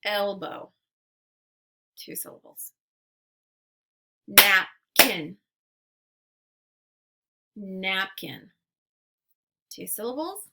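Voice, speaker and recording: A woman teacher leading a phonics lesson for young children, patient and deliberate, stretching out sounds and syllables. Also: mid-range voice, bright, forceful tone.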